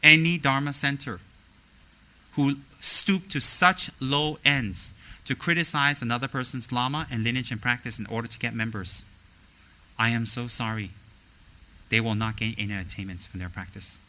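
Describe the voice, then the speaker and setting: A man teaching as a spiritual teacher, blunt and straightforward, animated as he acts out the people he talks about. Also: mid-range voice, normal speed, rough recording. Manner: animated, mimics people in quoted asides. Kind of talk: dharma talk.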